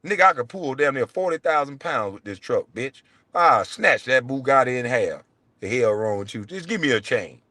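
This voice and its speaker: A man's voice: expressive, moderate pace, no echo. Brash, profane man ranting. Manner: profane, taunting, swings from loud jabs to low mutters. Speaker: show host. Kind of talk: heated solo rant.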